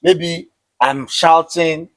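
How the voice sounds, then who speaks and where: A man's voice: a little high, steady tone, very slow, fairly bright tone, rough recording. A man being interviewed with his wife, explaining at length in casual chat, often repeating words and asking "you understand?". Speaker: interviewed husband.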